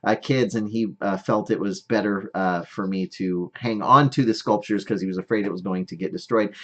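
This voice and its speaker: A middle-aged man casually talking through one of his sculptures, rambling with many fillers and self-deprecating humor. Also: medium pitch. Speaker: sculptor showing his work. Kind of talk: casual show-and-tell vlog.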